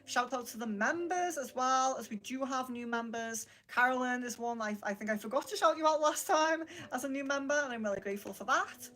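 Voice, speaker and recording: A woman's voice: high-pitched, a little fast, hardly any pauses, fairly bright tone, rough recording. A British woman hosting a live-stream card reading, greeting viewers by name and chatting casually with many fillers. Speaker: psychic livestream host.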